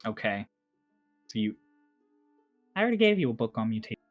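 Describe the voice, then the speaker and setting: A man narrating as game master of a tabletop game, in relaxed chat with restarts. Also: lowish voice, fairly quick, highs cut off, faint music behind.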